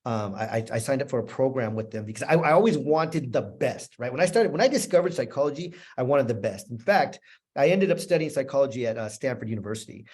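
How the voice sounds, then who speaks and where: Husky man telling an emotional story. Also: mid-range voice, animated, fast talker, darkish tone. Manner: earnest, repetitive, emotional storytelling. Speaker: motivational speaker. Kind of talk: personal storytelling talk. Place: room with a live audience.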